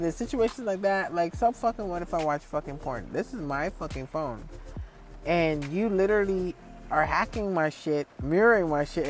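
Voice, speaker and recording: A vlogger talking in a casual, rambling monologue, swearing a lot and full of fillers, acting out other people when telling stories. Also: medium pitch. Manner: profane, rambling, frequent fillers; lively storyteller acting out others.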